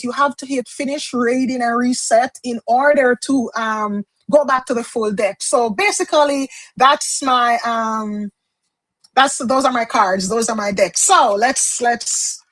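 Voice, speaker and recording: This is a woman from Jamaica reading tarot cards on a live stream. Her voice sits a little high, and the sound is dry with no room echo. She talks in a loose, chatty way, explaining each step and often circling back to repeat or restart a phrase. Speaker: tarot card reader.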